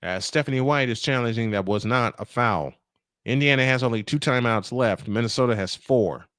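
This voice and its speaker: A man's voice: mid-range voice, normal speed, fairly bright tone, dry recording, studio quality. A male play-by-play announcer calling a basketball game in a chatty style, full of rambling, self-deprecating asides.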